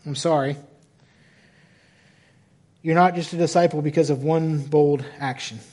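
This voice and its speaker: A man preaching a sermon in a church in the American South, animated and self-correcting, often acting out the people in his story. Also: on the high side, a little slow. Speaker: pastor.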